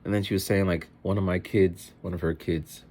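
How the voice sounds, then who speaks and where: A man who teaches, chatting in a rambling, animated way in a casual vlog. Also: low voice, brisk.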